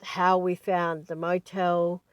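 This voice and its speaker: Low-voiced woman, rambling chat. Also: flat delivery, slow pace, smooth, dry recording. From Australia. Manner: chatty, digressive storytelling with many asides. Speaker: spiritual teacher. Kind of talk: casual rambling monologue.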